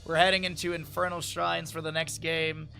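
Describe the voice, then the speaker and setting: A man's voice: fairly high pitch, flat delivery, normal speed, vocal fry, over loud music. Chatty young man casting a game stream. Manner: chatty and rambling, with many fillers. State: sleepy. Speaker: esports tournament caster and streamer. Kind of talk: casual live-stream commentary.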